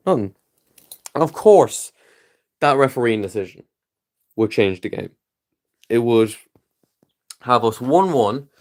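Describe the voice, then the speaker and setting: A man's voice: fairly low pitch, a little mellow. A young man with a Liverpool accent, ranting bluntly to camera as a football fan vlogger, swearing freely and sounding frustrated. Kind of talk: opinionated casual rant to camera.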